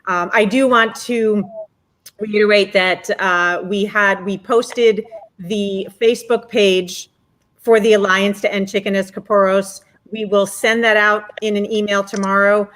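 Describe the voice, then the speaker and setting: Woman, panel moderator, gracious, slightly halting, mid pitch. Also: steady tone, fairly bright tone. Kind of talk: live webinar moderation.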